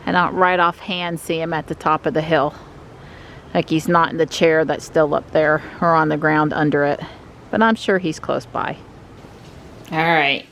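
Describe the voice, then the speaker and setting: A woman's voice: on the low side, a bit bright, slight background noise. A woman vlogging in a casual, chatty, rambling way from her car. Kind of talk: casual chat while driving.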